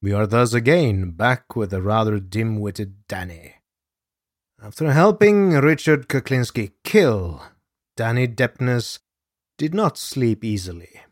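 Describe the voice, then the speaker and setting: A man's voice: medium pitch, lively intonation, takes it slowly, no room sound, clean studio sound. A man narrating a scripted true-crime story in a dramatic manner, speaking straight to the listener. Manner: addresses the listener directly, dramatic. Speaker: podcast narrator.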